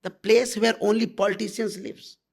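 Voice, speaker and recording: A man teaches at a satsang in a high voice with a gravelly edge. He talks bluntly but tenderly to his listeners. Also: level tone, normal speed, a little mellow. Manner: blunt and intimate, calling listeners "my love". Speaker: spiritual teacher. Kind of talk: satsang talk.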